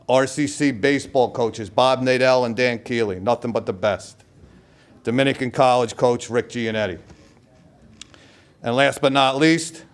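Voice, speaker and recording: New York man giving an acceptance speech. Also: medium pitch. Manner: storytelling, acts out quoted voices, trailing asides. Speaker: hall of fame inductee.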